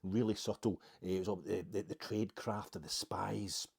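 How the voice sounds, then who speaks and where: A man's voice: sits low, fairly even intonation, normal speed, vocal fry, husky. An older Scottish man hosting a football podcast, talking in a wry, sarcastic, rambling way with self-mocking asides. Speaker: podcast host. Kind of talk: casual football podcast monologue.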